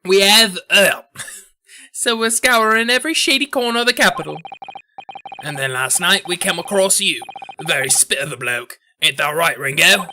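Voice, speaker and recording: A streamer voicing a rough male thief from a video game, pushing up into a higher, louder put-on while stumbling over the dialect. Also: expressive, slight background noise. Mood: boastful. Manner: halting, stumbling through dialect lines. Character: rough cockney-style male thief, one of brothers.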